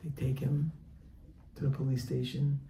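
A religious teacher, a man, telling a story in a sermon, animated and acting out the characters. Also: medium pitch, moderate pace, vocal fry. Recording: echoey room, faint background noise.

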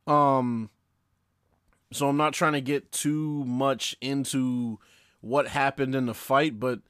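A man's voice: mid-range voice, fairly even intonation, slow pace, a bit bright, clear, resonant tone, dry recording, clean studio sound. Brash young man hosting a podcast. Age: 20s. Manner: brash, profane and upbeat, addresses listeners directly. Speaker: podcast host. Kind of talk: casual sports podcast chat.

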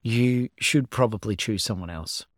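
A man's voice: fairly low pitch, unhurried, no room sound. A timid young boy, as a male reader puts him on, nervous and unsure of himself. He hesitates and stammers over his words. The recording is dry and close.

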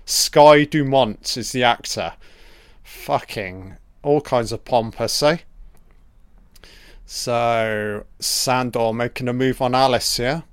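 A man's voice: medium pitch, takes it slowly, clean tone, no echo. A man giving a casual, profane audio commentary over a film, joking and talking back at the characters.

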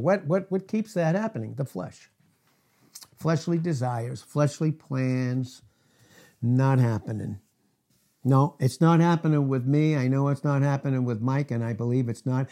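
A middle-aged male pastor delivers a sermon at a slightly slow pace in a medium-pitched voice. He is emphatic, poses rhetorical questions, and swings between loud passages and hushed ones.

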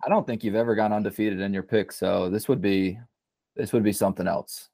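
A man's voice: on the low side, steady tone, a little fast, creaky, warm tone, no room sound. A man co-hosting a casual podcast, teasing his friends and talking with plenty of fillers. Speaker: podcast co-host. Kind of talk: casual sports-betting chat.

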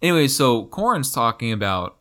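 A young man talks animatedly in a casual podcast chat. His voice is bright and swoops widely in pitch as he acts out characters' lines. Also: very animated, brisk. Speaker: podcast co-host. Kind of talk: casual book discussion.

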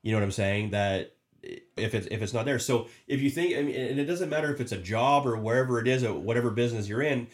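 A man's voice: mid-range voice, fast. A man giving a casual motivational talk as a podcast host, emphatic and repetitive, often restarting his sentences. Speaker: podcast host and sales leader.

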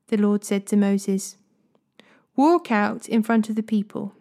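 A woman reading Bible passages aloud in a steady, measured way. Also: medium pitch. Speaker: Bible reader. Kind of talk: scripture reading.

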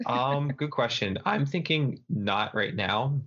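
A man co-hosting a podcast, giving measured, somewhat hesitant opinions on the news with "um" and "like" fillers. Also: mid-range voice, a bit bright, dull audio. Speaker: podcast co-host. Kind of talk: casual news-review chat.

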